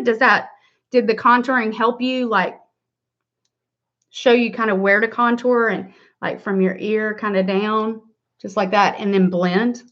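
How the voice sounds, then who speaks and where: Chatty woman on a makeup livestream. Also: mid-range voice. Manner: chatty, greets viewers by name, upbeat. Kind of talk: casual livestream makeup tutorial. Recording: slightly dull lo-fi livestream audio.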